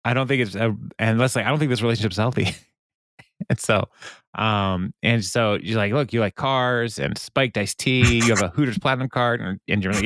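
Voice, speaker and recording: A man hosting a podcast, walking through a sitcom episode scene by scene. His voice sits fairly low, and he keeps breaking into laughter as he quotes the lines. The sound is dry and close, with no room around it. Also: fairly quick, fairly bright tone, no room sound. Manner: laughs often while retelling scenes and quoting characters. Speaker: podcast host recapping a TV episode. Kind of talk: casual chat.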